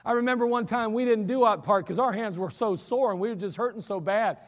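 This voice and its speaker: High-voiced folksy American preacher. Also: male voice, fairly quick. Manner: folksy, emphatic storytelling preacher. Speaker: pastor. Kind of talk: sermon. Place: large church sanctuary. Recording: church hall reverb.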